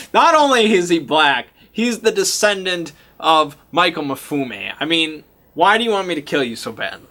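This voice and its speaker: Man game master, casual rambling recap, bright and somewhat high-pitched, forgetful of names. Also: very animated, slow. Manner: rambling and self-interrupting, often loses track of names.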